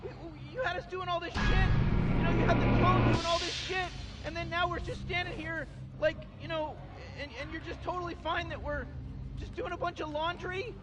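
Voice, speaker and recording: A very high stammering Morty. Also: male voice, level tone, moderate pace. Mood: exasperated. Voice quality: nervous stammer. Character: anxious stammering teenage boy sidekick. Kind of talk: fan voice impression over gameplay. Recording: loud music underneath.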